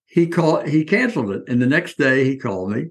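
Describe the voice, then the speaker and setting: A man in his eighties telling anecdotes as an interview guest, lively and acting out the voices of people he quotes. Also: medium pitch, a little fast. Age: 80s. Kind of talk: reminiscing storytelling.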